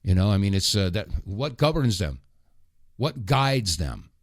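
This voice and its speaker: A middle-aged man hosting a political talk radio show, delivering a rambling, impassioned monologue with sudden loud outbursts. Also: on the low side, sing-song, measured pace, dry recording, studio quality.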